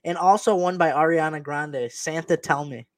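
A man co-hosting a casual podcast chat, relaxed and playful. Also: a little high, moderate pace, no echo. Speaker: podcast co-host.

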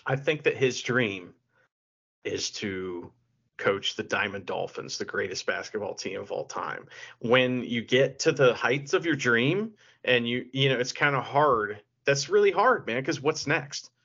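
A man co-hosting a podcast in casual chat, hyping things up in a deadpan, mock-serious way. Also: mid-range voice, a little slow, gravelly, husky. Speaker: podcast co-host. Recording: dull lo-fi audio.

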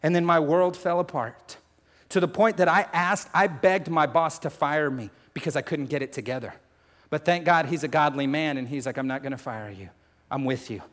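Preacher guy, slightly high voice, swings loud to hushed, calls the crowd folks, long hall echo. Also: moderate pace. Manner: conversational, addresses crowd as folks and family. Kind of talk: sermon.

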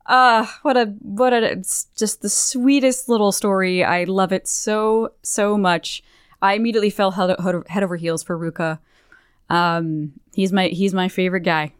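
A woman co-hosting a podcast talks through a game's story in a lively, casual way, slipping into the characters' voices as she tells it. Her voice is smooth and clear, and it sits close and dry on the microphone. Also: medium pitch, measured pace, no echo. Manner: animated, acts out characters' lines with swearing and laughter. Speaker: podcast co-host. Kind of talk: casual chat recapping a game questline.

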